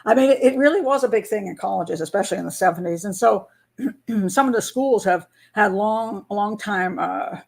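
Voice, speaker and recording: An older woman from the United States, speaking at medium pitch and normal speed with vocal fry, hosts a live patron hangout. She chats casually on the stream, laughs often, and rambles through restarts.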